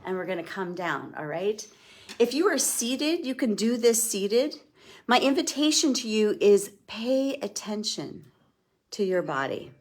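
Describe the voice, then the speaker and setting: A middle-aged woman leading a guided breathing and laughter exercise in a slow, soothing way as a wellness instructor. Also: medium pitch, sing-song. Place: indoors, moving around in front of a camera.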